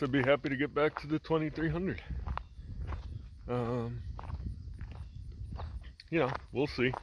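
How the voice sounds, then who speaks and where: There's a little hiss or hum behind this medium-pitched man, a farmer vlogger chatting about chores as he walks outdoors filming on a handheld camera. He rambles easily, using lots of fillers and restarting sentences often.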